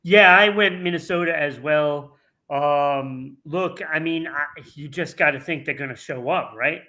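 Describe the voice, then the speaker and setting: A man co-hosting a casual sports talk show, dropping quick asides and wisecracks. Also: on the high side, sharp tone. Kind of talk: casual sports picks chat.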